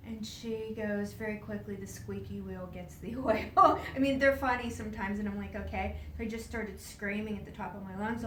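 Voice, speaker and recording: A woman tells a personal story to a live audience, acting out the voices of others and dropping to hushed whispers, often laughing as she talks. She is heard from far off in a roomy hall, with a faint rumble underneath. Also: brisk. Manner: animated, acts out quoted voices, drops to hushed whispers; laughs often while talking. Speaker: speaker at a spiritual event. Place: event hall. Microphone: distant camera mic. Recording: roomy, distant live event recording.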